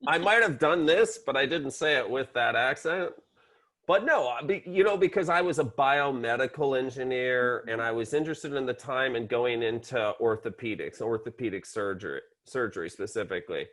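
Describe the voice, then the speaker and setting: A man in his sixties, a psychiatrist guest chatting in an interview with dry, deadpan humor. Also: medium pitch, moderate pace. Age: 60s. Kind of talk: casual interview conversation.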